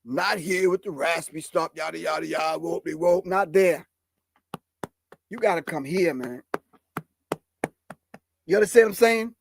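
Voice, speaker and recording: A man with a raspy voice talking casually and bluntly to a live audience about a beat in his studio, cursing and checking that they follow. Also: fairly high pitch, measured pace, pauses often, a little hiss or hum. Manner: blunt, profane, emphatic, keeps asking if you follow. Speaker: hip hop artist and producer.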